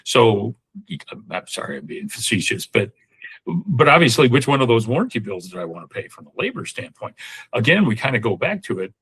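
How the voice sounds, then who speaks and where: A man's voice: mid-range voice, big pitch swings, fairly quick, a bit bright, husky, low-quality recording. A man in his sixties, a podcast guest talking in a casual, rambling way with lots of fillers and restarts. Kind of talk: casual interview talk.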